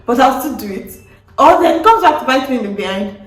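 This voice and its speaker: A young woman chats to her viewers in a lively storytelling vlog. Her voice sits fairly high. She jumps into the quotes she acts out. She sounds a little far from the mic in an echoey room. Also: quick pace. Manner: animated, acts out quotes with wailing and laughter. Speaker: vlogger. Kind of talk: casual storytelling to camera.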